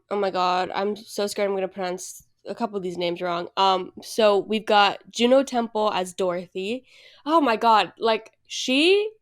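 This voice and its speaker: A woman's voice: mid-range voice, clear, resonant tone. A young woman co-hosting a casual podcast, rambling with lots of fillers and self-deprecating asides. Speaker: podcast co-host. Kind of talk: casual chat.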